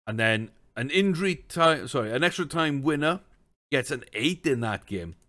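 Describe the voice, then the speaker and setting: A streamer speaking at normal speed and with animation walks through his football management game in easygoing let's-play commentary. His voice sits mid-range; he reasons aloud and now and then launches into exasperated rants.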